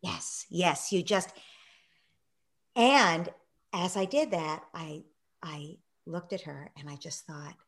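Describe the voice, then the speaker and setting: A middle-aged woman telling a story in a conversation, acting out quoted voices and sinking to a soft near-whisper in reflective moments. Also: on the low side, takes it slowly, pauses often. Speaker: guest, parenting author.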